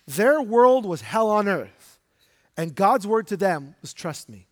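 A man, a pastor, preaching a sermon in an emphatic, direct way and putting questions to the congregation. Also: sits high. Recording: long hall reverb.

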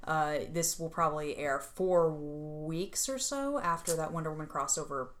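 Female podcast co-host, casual and chatty, quick to laugh. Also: deep voice, a bit bright. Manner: chatty, laughs often, rambling restarts. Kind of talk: casual chat.

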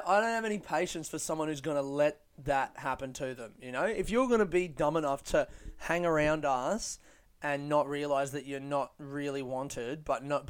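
Young male comedian, sardonic and profane storyteller, clean smooth tone. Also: a little high. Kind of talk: casual comic storytelling.

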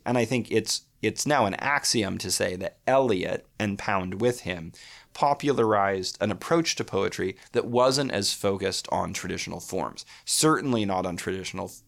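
A man's voice: sits low, vocal fry, a bit bright. A man hosting a podcast, explaining poetic meter in a thoughtful, analytical way and reading verse aloud. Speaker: podcast host.

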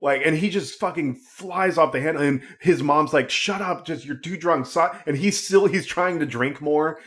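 A man in casual film talk, animated and swearing freely, acting out characters' lines. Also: a little high, moderate pace.

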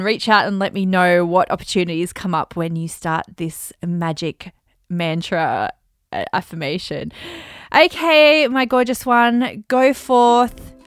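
A woman's voice: mid-range voice, no echo. Upbeat woman podcast host, dry sound. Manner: upbeat, chatty, repeats affirmations slowly for emphasis. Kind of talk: casual motivational podcast talk.

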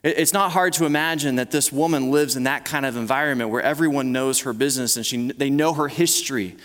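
Preaching conversationally to a live congregation, this male pastor speaks fast in a mid-range, slightly bright voice. His words frequently start over as he talks, and a large hall gives everything a long reverb.

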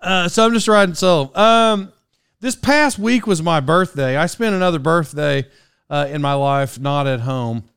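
A man's voice: a little high, moderate pace, vocal fry, fairly bright tone, clear, resonant tone, no room sound, clean studio sound. A man in his forties hosting a podcast solo, rambling through a personal story with restarts and laughs at himself. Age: 40s. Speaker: podcast host.

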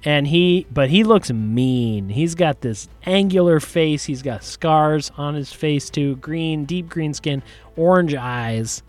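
A man narrating as game master, describing the scene in a relaxed, hedging way. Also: fairly high pitch, slow, soft background music. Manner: relaxed, descriptive, many hedges.

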